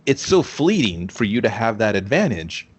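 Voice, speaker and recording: A man's voice: on the low side, big pitch swings, moderate pace, breathy edge. A man co-hosting a casual movie review podcast, swearing freely and acting out characters' lines as he retells scenes. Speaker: podcast co-host.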